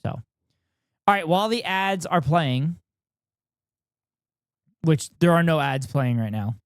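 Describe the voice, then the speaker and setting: A man's voice: fairly high pitch, lively intonation, slow, no room sound, studio quality. A man live-streaming and chatting with viewers in a rambling, self-deprecating way. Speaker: streamer reacting with chat. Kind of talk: casual live-stream chat.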